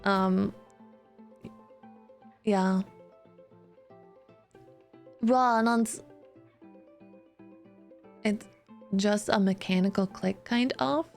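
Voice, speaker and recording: A woman streamer chats casually on a live stream, laughing often as she tests her new studio mic, held close, in a room with bare walls. Her medium-pitched voice is very slow, with vocal fry and frequent pauses. Faint music plays in the background.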